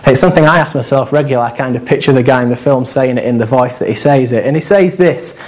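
A man delivers a sermon in a relaxed, conversational way. He is animated and jokes with the listeners as he goes. His voice sits at an ordinary middle pitch for a man. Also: fast talker, low-quality recording. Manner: conversational, animated, with laughs and asides. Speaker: preacher.

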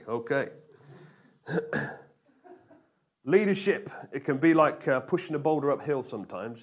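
A pastor preaches to his congregation with energy, pressing them for answers and leaning hard on repeated phrases. His voice sits at an ordinary middle pitch for a man. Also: moderate pace, pauses often. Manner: energetic, call-and-response with congregation, emphatic repetition. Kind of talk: sermon.

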